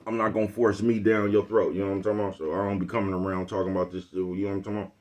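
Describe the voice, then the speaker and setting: With a lowish voice and flat delivery, a man races through a casual, rambling vlog on his own channel. He's relaxed and boastful, chuckles between phrases, and keeps asking whether you follow what he's talking about.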